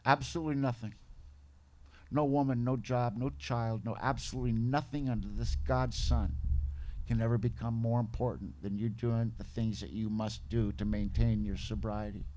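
A man voicing an older male sponsor who talks bluntly and calmly, in a fatherly way. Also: mid-range voice, normal speed, slight background noise, close to an everyday voice.

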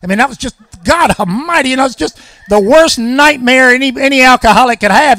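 A man's voice: extremely high pitch, brisk, bright, forceful tone, no room sound, clean studio sound. Folksy man telling his story. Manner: folksy storytelling with wry humor. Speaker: recovery meeting speaker. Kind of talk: personal recovery story.

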